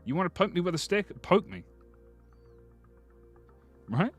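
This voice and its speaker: A man's voice: sits high, measured pace, husky, soft background music. A man chatting casually on a live stream, joking with his chat as he looks through game screenshots. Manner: chatty, jokey, lively.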